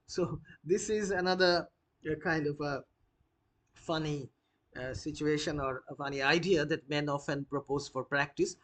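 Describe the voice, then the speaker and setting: A man explaining a play to students, pausing often with fillers as he explains. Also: fairly high pitch, fairly even intonation, a bit bright. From India. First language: Bengali. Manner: hesitant, many uh fillers, unhurried explaining. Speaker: literature lecturer.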